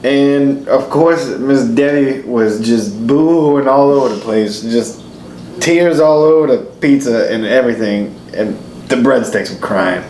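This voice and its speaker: Young man, tipsy storyteller, slow drawn-out delivery, roomy echo. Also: mid-range voice, a little mellow, slight background noise. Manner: rambling, laughing, acts out quotes. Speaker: groom telling his love story.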